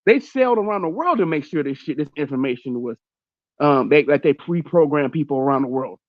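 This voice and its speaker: A man hosting a casual online panel and arguing his point in an animated way over a call mic. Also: on the high side, brisk, no room sound, dull audio. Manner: animated, argumentative.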